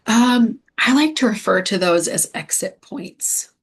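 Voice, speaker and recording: A woman in her thirties from the United States telling a hard personal story as an interview guest, candid and halting, with many fillers. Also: mid-range voice, lively intonation, husky. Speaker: guest medium.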